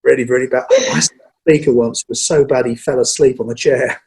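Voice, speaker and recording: Male speaking coach, gravelly mid voice, energetic, shifts pace on purpose. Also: mid-range voice, rough recording. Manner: energetic, acts out audience lines, speeds up and slows down on purpose. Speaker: presentation skills trainer. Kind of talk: casual conversational interview.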